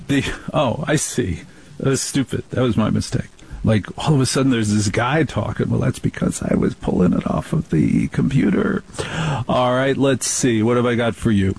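A man's voice: mid-range voice, gravelly, a little mellow, slightly rough, low-quality recording. A middle-aged man from New Jersey hosting a spoken-word radio show, telling blunt, rambling stories with wry asides. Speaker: radio talk host.

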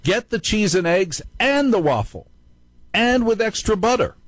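A man's voice: high voice, lively intonation, unhurried, dry recording, pitched above the performer's own voice. A man voicing the devil as a coaxing tempter, urging indulgence. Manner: coaxing, wheedling.

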